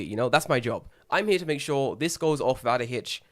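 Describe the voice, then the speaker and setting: Young guy on a podcast, casual, swears a lot, acts out quotes, mid pitch. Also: brisk. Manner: animated storyteller, swears freely, acts out quotes. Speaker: podcast co-host. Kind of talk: casual chat.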